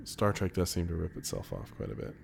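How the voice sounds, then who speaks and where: Low-voiced guy doing a movie commentary, chatty, laughs a lot. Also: a little fast, vocal fry, over music. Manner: chatty, laughs often, excited asides. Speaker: film commentary co-host. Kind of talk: casual commentary chat.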